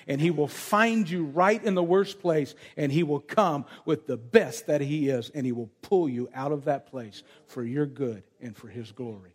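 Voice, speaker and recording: A man's voice: a little high, lively intonation, measured pace, husky. Emphatic preacher man in reverberant hall. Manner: emphatic, repetitive preaching cadence. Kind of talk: sermon with prayer and prophetic ministry. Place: meeting room with a gathered congregation.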